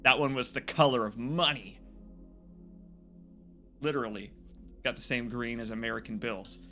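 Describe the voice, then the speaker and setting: A man chatting casually and excitedly to his viewers as a game streamer, rambling and joking. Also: medium pitch, normal speed, soft background music. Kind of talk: casual live-stream chat.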